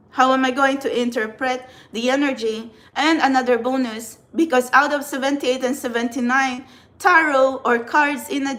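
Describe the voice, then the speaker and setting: Earnest Filipina woman, higher voice. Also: fairly bright tone. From Philippines. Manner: rambling, earnest, with many restarts. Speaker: tarot reader and spiritual channeler. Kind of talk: casual talk to camera.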